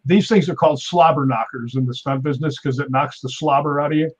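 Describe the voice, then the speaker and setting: A man in his fifties, a stuntman guest on a talk show, telling animated anecdotes with sound effects and chuckles. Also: on the high side, fast talker, breathy edge. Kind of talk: casual interview storytelling. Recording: dull lo-fi sound.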